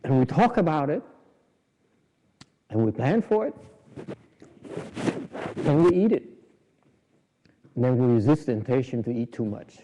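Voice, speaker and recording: A man's voice: mid-range voice, big pitch swings, measured pace, long pauses, warm tone, slight background noise. A man giving an informal, joking dharma talk on meditation, with many restarts. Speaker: Buddhist meditation teacher. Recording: dull lo-fi recording in a reverberant hall.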